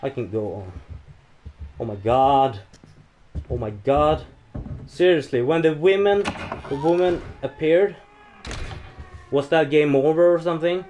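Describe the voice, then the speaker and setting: Man, horror game streamer, panicky swearing, unhurried pace, faint hiss behind. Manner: jumpy, swearing, panicky outbursts and nervous laughs; lively, dramatic pitch swings between yelps and mutters. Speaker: livestream gamer. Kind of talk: frightened horror game commentary.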